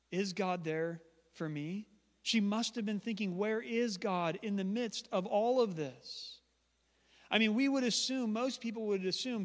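A male pastor preaching a sermon in a church, conversational and emphatic with humorous asides. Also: high-pitched. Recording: long church hall reverb.

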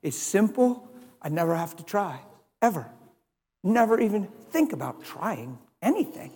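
A man with a very high voice preaches a sermon, moving between hushed, quiet moments and loud, emphatic bursts. A long reverb trails after his words, as in a large hall. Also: big pitch swings, measured pace. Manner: storytelling, swings from hushed to loud.

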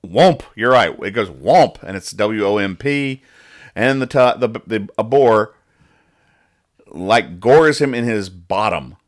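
A young man with a low voice hosts a laid-back podcast, reading comic strips aloud. His pitch swings widely as he tells each one. He rambles, trips over his words and restarts while spelling out every joke. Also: animated, takes it slowly. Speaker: podcast host.

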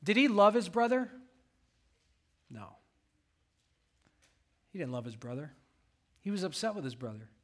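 A man's voice: high voice, sing-song, unhurried, pauses often. A pastor preaching a sermon, reading scripture aloud and asking his congregation rhetorical questions.

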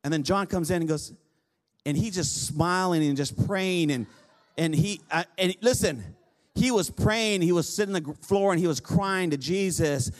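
High-voiced pastor telling a story. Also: male voice, moderate pace. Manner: conversational storytelling, repeats and restarts phrases; humorous asides to the congregation. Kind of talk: sermon.

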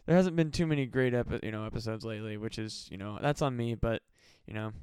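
A man's voice: lowish voice, quick pace, a little mellow, clear, resonant tone, dry recording. A tired man from the Midwest rambling casually and profanely as a solo podcast host. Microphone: home podcast mic.

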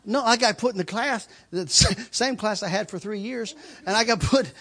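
A man's voice: high voice, moderate pace, fairly bright tone. A middle-aged man telling his testimony in a loose, rambling story. He laughs often and stumbles over repeated words. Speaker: speaker giving a testimony.

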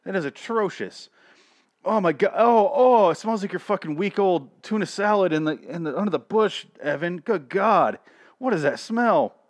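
A man voicing stoned teenage boys who panic and swear at a rotting smell, in a shrill, frantic voice. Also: lively intonation, normal speed, no room sound. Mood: disgusted panic. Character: stoned teen boys gagging at a corpse stench.

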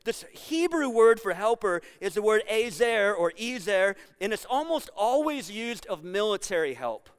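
A high, smooth-toned man delivers a sermon as pastor. He talks to the congregation in a loose, joking way and then drives his points home with emphasis. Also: very animated, moderate pace, hardly any pauses. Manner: conversational and jokey, building to emphatic points.

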